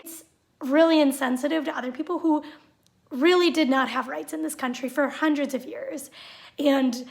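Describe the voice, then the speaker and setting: A woman's voice: high-pitched, steady tone, fairly quick, gravelly. Sarcastic ranting woman vlogger. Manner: sarcastic, exasperated. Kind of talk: ranting vlog monologue.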